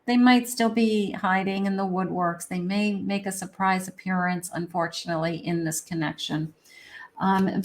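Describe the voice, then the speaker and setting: A woman psychic giving a casual, encouraging tarot reading, with frequent ums. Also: lowish voice.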